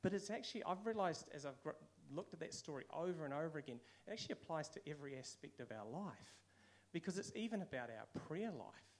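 A man's voice: fairly high pitch, expressive, fast talker, hardly any pauses. A man with a New Zealand accent giving a casual, conversational sermon, now and then acting out quoted voices. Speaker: preacher.

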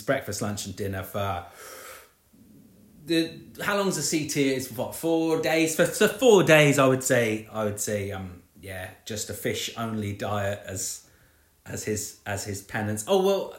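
A man's voice: medium pitch, echoey room. A man co-hosting a podcast, rambling and sarcastic in casual banter. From British Isles. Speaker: podcast co-host.

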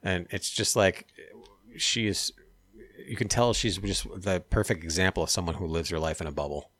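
A man in casual podcast chat, retelling an argument with blunt, profane remarks and animated quoted lines. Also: moderate pace. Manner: animated retelling, acting out quotes with raised pitch. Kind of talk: casual chat recounting a video.

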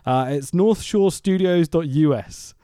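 A man's voice: fairly high pitch, unhurried, dark tone, no echo, studio quality. A man co-hosting a podcast, reviewing a film in casual chat, sarcastic, swearing and laughing often. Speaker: podcast host.

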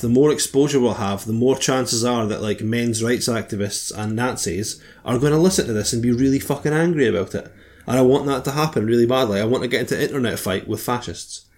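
A man's voice: mid-range voice, a little fast, a little mellow. A tired man co-hosting a comedy podcast, bantering and teasing in casual chat. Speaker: podcast co-host.

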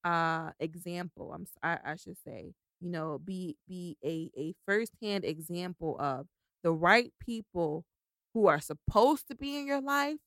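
A woman co-hosts a podcast in casual chat, talking in excitable bursts that jump loud. Her voice is smooth and clear, and the recording is dry and close. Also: on the low side, a little slow, no echo. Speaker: podcast co-host.

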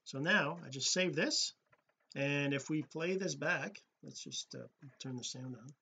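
A man's voice: a little high, measured pace, gravelly, bright, forceful tone, slightly rough. A man giving a casual tutorial at his home computer setup, rambling and correcting himself as he goes. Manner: rambling, self-correcting, many fillers. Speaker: tutorial host. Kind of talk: casual screen-recorded tutorial.

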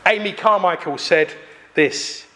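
A man, preaching a sermon emphatically with pauses for effect. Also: high voice, bright, forceful tone, a little hiss or hum.

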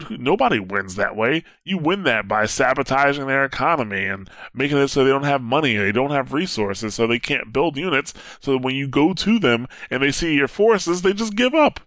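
Bright-voiced man in casual gaming chat. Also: mid-range voice, dry recording, studio quality. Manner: animated, laughs often, swears casually. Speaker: podcast co-host.

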